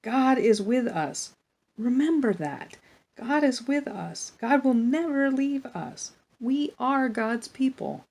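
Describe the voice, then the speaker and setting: A woman's voice: sits high, expressive, takes it slowly, a little mellow, pitched above the performer's own voice, heavily acted. A woman voicing Moses, a patient male leader who pleads earnestly with his people in a children's Bible story.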